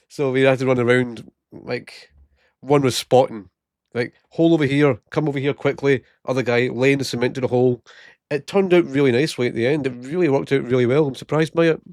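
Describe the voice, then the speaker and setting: A man's voice: mid-range voice, fairly even intonation, a little fast, a little mellow, dry recording. Guy vlogging work stories, bit breathless, keeps laughing, dry close mic sound. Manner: chatty, laughs at his own stories. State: slightly short of breath from a chest infection. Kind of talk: casual storytelling. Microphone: new gated microphone close up.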